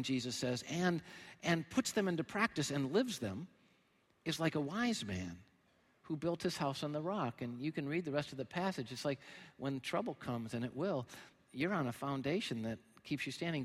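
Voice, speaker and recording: A man preaching a sermon as pastor, animated, swinging between loud emphatic lines and quiet, low ones. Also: big-room sound.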